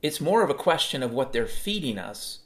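A man's voice: medium pitch, sing-song, moderate pace. A man in his fifties hosting a solo podcast, ranting in a sarcastic, profane way. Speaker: podcast host.

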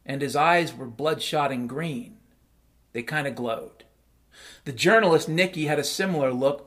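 A man's voice: on the high side, fairly bright tone. A man telling a first-person story in a casual, wry, matter-of-fact way, over piano music.

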